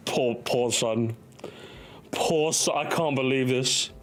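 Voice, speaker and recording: A man's voice: medium pitch, takes it slowly. A man casually reacting to memes, laughing often, swearing and acting out little bits.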